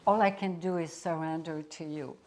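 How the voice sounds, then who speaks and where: A woman's voice: low voice, steady tone, moderate pace, darkish tone, close to an everyday voice. A woman voicing a lost, devout woman who pleads and prays earnestly. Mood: fervent.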